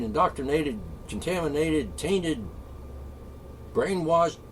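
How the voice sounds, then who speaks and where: A man delivering an angry, profane solo rant, sarcastic and swinging between shouting and muttering. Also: mid-range voice, a little hiss or hum. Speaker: political commentator.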